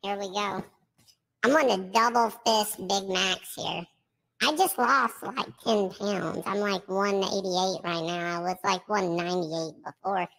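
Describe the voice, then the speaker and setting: A man through a creaky high voice filter. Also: steady tone, a little slow, sharp tone, full character voice. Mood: bantering. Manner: swaggering, slangy hype talk while eating. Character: filtered high creaky male voice, brash streetwise eater. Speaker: streamer doing a mukbang.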